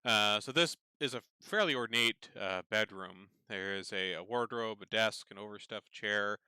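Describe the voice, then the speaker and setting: A man narrating a tabletop game as game master, relaxed and full of fillers. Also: on the low side, normal speed, smooth, dry recording.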